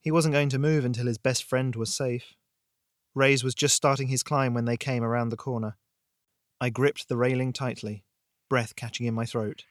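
A man hosting a fiction podcast, reading a tense horror story aloud in a dramatic, measured way. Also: medium pitch, fairly even intonation, dry recording, clean studio sound. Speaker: podcast host and narrator. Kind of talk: scripted audiobook narration.

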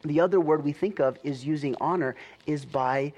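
A man's voice: a little high, moderate pace, a little mellow. A young adult man preaching a sermon in a chatty, easygoing way, laughing often and checking in with "right?".

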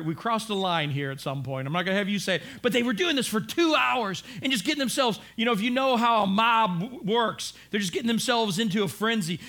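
Bright-voiced pastor preaching animatedly. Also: male voice, extremely high pitch. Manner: animated storytelling, acts out voices, rises to shouts. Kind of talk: sermon.

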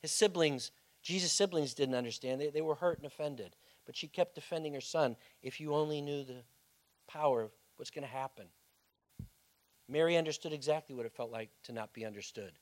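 A male pastor preaching a sermon as dramatic storytelling, swinging from loud bursts to hushed tones. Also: on the high side.

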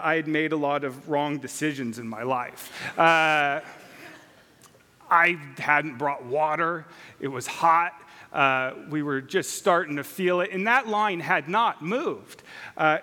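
A man pastor telling a story in a sermon, conversational with many filler pauses. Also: a little high, pushed and bright. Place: church sanctuary. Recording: long hall reverb.

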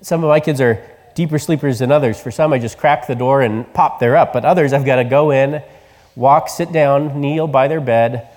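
A man preaching a sermon, telling the story with voices and dropping to soft, tender tones for the quiet words. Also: medium pitch, moderate pace, in a large hall. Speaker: pastor.

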